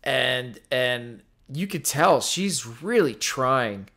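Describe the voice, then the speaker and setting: A man co-hosting a casual film review podcast, relaxed and agreeable, often acting out lines in quotes. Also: medium pitch, drawn-out words, vocal fry. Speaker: podcast co-host.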